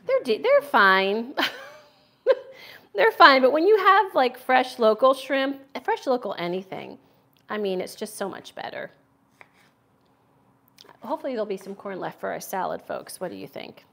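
Chatty American woman, middle-aged, slightly high voice, hosts a cooking stream from her kitchen and chats with viewers while she works. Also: sing-song, moderate pace, creaky, pauses often, a bit bright. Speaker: cooking channel host. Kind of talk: casual cooking livestream chat. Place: home kitchen.

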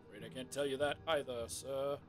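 A man's voice: mid-range voice, fairly even intonation, brisk, lightly acted. A man doing a prim robot butler clerk. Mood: prim, formal. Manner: stiffly formal, repeats "sir" and "ma'am". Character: polite male robot civil service clerk. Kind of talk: reading a game text log aloud in voices. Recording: game music playing underneath.

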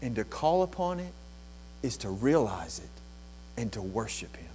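A man's voice: mid-range voice, very animated, unhurried, a little mellow, slight background noise, poor audio. Impassioned male preacher, swelling delivery. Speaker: pastor. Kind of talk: sermon.

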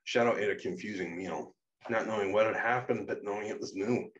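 A man reading his own memoir aloud in a measured, serious way. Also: on the low side, recorded from a distance, dull audio. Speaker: narrator and author. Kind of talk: memoir narration.

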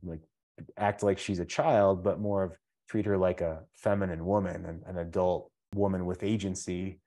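Deep-voiced male coach asking questions. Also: fairly even intonation, normal speed, mellow. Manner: probing, drawing others out with many questions. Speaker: relationship coach hosting a group call. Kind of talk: coaching talk on a group call. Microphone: online call.

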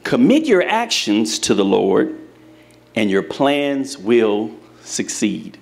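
A man's voice: medium pitch, very animated, slow, gravelly. A man preaching a sermon to a live congregation in church, speaking to them directly and telling folksy, humorous stories. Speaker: pastor.

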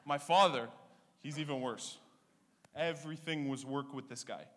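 A man, doing a stand-up comedy set with punchy, animated storytelling. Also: mid-range voice, normal speed. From Canada (Ontario).

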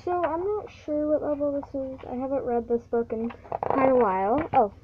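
A female reader reading a picture book aloud, halting and stumbling over words as she goes. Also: high voice, background noise. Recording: tinny phone-like recording.

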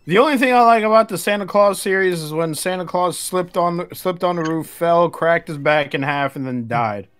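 A woman's voice: lowish voice, moderate pace, hardly any pauses, faint music behind. A woman joking crudely in a casual group chat on a game stream. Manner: crude, jokey, laughs often. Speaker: stream co-player.

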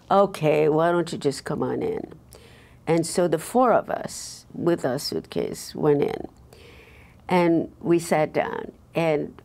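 An older woman from Belgium recalling her past in an oral history interview, halting with frequent restarts. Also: lowish voice, creaky, dark tone.

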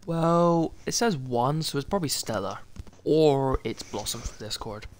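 A man's voice: medium pitch, expressive, a little slow. A man streaming a game, chatting casually and joking, often trailing off mid-sentence. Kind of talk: casual gaming chat. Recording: loud background noise.

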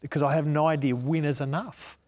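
A man's voice: fairly high pitch, fairly even intonation, fairly quick, a little mellow, long reverb tail. A man, a media missionary, giving an earnest personal testimony in an interview and acting out the voices in his head as he tells it.

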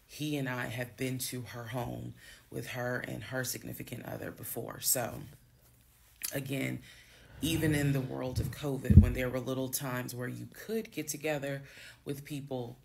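A woman with hiccups calmly telling the story of her marriage in a measured, steady way, with pauses and fillers. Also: extremely low pitch, gravelly, slightly rough. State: has the hiccups. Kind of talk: storytelling monologue.

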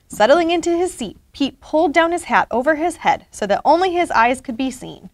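Animated woman reading a picture book. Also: high voice, moderate pace, few pauses, no echo. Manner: expressive, animated. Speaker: story reader.

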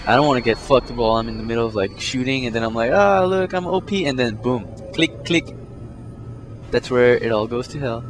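A young man commenting on his own gameplay in a mid-pitched voice, muttering one moment and yelping in panic the next. He swears freely, and loud game music runs under him throughout. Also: steady tone, fairly quick. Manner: swears a lot, swings from mutters to panicked yelps. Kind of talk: let's play commentary.

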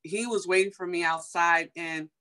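A young woman from Chicago telling a personal story in a casual, animated way, full of fillers and acted-out quotes. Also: on the low side, moderate pace. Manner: animated, heavy on fillers, acts out quoted dialogue.

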